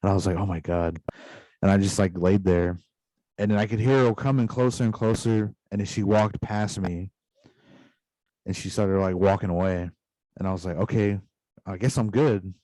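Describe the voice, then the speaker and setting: A man's voice: low voice, steady tone, normal speed, warm tone, no room sound, low-quality recording. A man casually retelling a long dream on a podcast, rambling loosely with constant asides. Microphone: podcast microphone.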